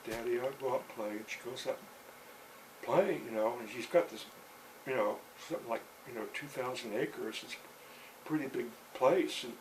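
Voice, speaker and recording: A man tells a meandering story, peppering it with "you know" and stopping to restart his sentences. His voice sits at an ordinary pitch and sounds set back from the mic, with a faint hiss underneath. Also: distant mic, rough recording. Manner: rambling, constantly says "you know", restarts often. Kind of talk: rambling spoken storytelling.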